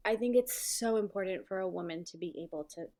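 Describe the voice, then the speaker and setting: A woman's voice: mid-range voice, fast, dark tone. Emphatic woman co-host in her thirties. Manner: emphatic, reflective, says "like" a lot. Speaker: producer and co-host. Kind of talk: casual chat.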